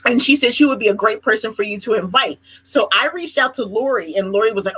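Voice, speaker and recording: Husky Philly woman telling stories. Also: a little high, quick pace, few pauses, low-quality recording. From Philadelphia. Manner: animated storytelling, laughs often. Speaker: host. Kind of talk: casual live chat.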